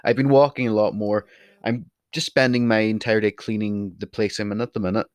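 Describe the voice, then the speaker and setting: Young irish guy rambling and swearing into a desk mic, kinda low voice, drifts off mic now and then. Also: little pitch movement, brisk, no echo. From Ireland. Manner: chatty, blunt, swears, wanders off topic. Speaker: vlogger. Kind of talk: casual rambling monologue. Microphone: desk mic, sometimes turns away from it.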